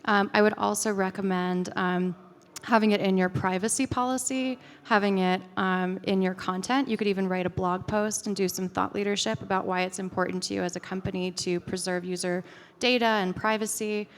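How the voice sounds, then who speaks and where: Woman conference speaker, chatty and filler-heavy, mid pitch, hall reverb. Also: steady tone, fairly quick. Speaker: conference speaker answering audience questions. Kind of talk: casual conference Q&A.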